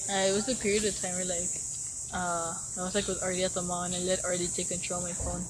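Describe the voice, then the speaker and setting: A woman's voice: fairly low pitch, little pitch movement, fast talker. A young woman telling a rambling story to a friend, full of fillers and quoted remarks. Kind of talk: casual chat. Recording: noisy background.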